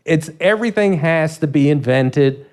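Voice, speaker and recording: A man in his sixties, a comedy writer telling stories in an interview, animated and laughing often as he acts out quotes. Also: fairly high pitch, moderate pace. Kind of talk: storytelling in a podcast interview.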